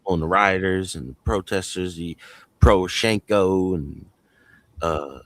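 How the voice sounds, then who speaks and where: A man co-hosting a livestream, talking politics in a halting, hesitant way full of fillers. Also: deep voice, dry recording. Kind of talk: casual political chat on a livestream.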